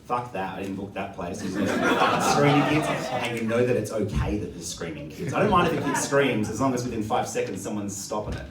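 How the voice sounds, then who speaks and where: A man's voice: fairly low pitch, brisk, few pauses, over a noisy crowd. A man doing a stand-up comedy set, telling crude, sardonic stories. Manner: crude, sardonic storytelling with lively swings. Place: comedy venue with audience. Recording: echoey live venue, distant mic. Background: audience laughter and room ambience.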